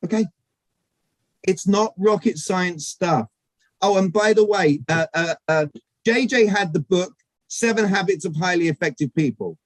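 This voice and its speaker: A man giving an energetic live talk on sales communication to a networking audience, asking them questions directly. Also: sits high, measured pace, dry recording, poor audio. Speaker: speaker at a networking event. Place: event room with audience.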